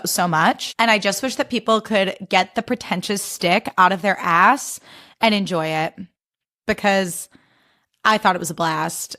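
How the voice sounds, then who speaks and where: A young woman talks alone on her podcast, loose and chatty. She swings between gushing and ranting and swears freely, with an easy, everyday middle pitch. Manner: animated, profane, gushing and ranting. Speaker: podcast host. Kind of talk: casual solo podcast chat.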